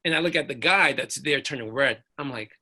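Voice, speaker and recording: A man's voice: medium pitch, fairly quick. A man, a preacher and uniformed officer, telling a personal story with earnest feeling in a panel discussion. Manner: earnest, animated, acts out the voices of others.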